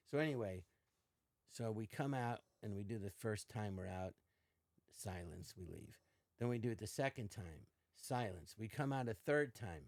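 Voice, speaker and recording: Older man telling animated show stories. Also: lowish voice, no echo, studio quality. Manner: animated, acts out quotes in varied voices. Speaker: podcast guest. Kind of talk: casual storytelling chat.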